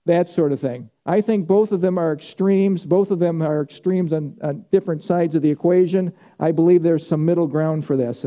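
A man's voice: on the high side, mellow. A middle-aged male pastor preaching a sermon, emphatic and repeating key phrases for weight.

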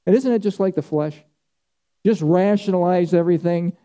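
A middle-aged male pastor delivering a sermon. He speaks in a high, very dark and mellow voice, and he presses his points home by repeating them. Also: normal speed. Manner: emphatic, repeats key phrases.

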